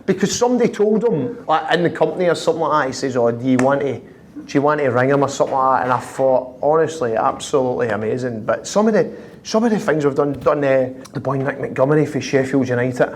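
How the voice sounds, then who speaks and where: A man's voice: mid-range voice, a little hiss or hum. A Scottish man in his thirties with a Glasgow accent, telling stories in an interview, chuckling and acting out other people's lines. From Scotland. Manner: lively, chuckling, acts out others' lines in quick quoted voices. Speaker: professional footballer, guest. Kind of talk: anecdotal storytelling in an interview. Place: office high in a city tower.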